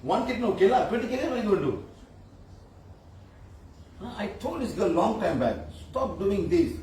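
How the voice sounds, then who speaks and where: A man giving a casual, animated talk as a spiritual healer, laughing often and firing questions at his listeners. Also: sits high, fairly quick. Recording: echoey room from far off, faint noise.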